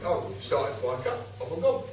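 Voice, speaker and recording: Animated, foul-mouthed storyteller man, very echoey. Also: on the high side, brisk, a little hiss or hum. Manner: animated, swearing, acts out both sides of his stories. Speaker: speaker giving a public talk. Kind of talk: storytelling to a live audience. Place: home, recorded in a reverberant room. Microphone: far camera. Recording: very echoey room, camera from far off.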